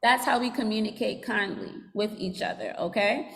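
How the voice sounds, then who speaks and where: A school social worker talking students through behavior expectations in a teacherly way, asking them to repeat phrases and write in journals. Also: female voice, medium pitch, moderate pace, gravelly, big-room sound. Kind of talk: school assembly talk to students.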